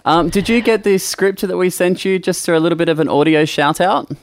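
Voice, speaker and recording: A man's voice: high-pitched, a little fast. An Australian man with an Australian accent, a radio interviewer guiding a guest in friendly, casual chat. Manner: friendly, encouraging.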